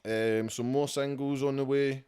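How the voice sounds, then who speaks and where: A man's voice: medium pitch, fairly even intonation, measured pace, dark tone, clear, resonant tone. A man with a Scottish accent, chatting casually as a rapper guest on a podcast at his home, laid-back and swearing often.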